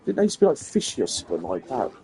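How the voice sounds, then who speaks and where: A man's voice: medium pitch, wildly swooping pitch, rapid-fire, mellow, a little hiss or hum. A man with a Birmingham accent, a streamer chatting casually and swearing freely as he reacts to clips. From English Midlands. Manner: sweary, chatty, slips into put-on voices. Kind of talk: casual chat.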